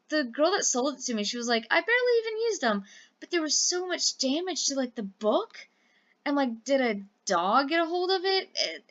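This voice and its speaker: A woman's voice: fairly high pitch, fairly bright tone, muffled recording. A woman from Louisiana chatting casually about her eBay sales, rambling with lots of fillers. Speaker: eBay reseller vlogger. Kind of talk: casual chat.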